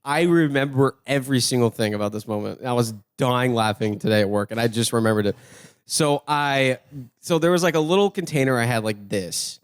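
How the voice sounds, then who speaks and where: A man's voice: mid-range voice, brisk, smooth. A young man co-hosting a podcast, telling a story in casual chat, swearing often and laughing as he goes. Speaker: podcast co-host.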